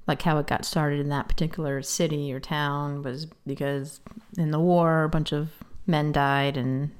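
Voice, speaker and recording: Low-voiced woman co-host. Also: level tone, moderate pace, clear, resonant tone. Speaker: podcast co-host. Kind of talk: casual chat.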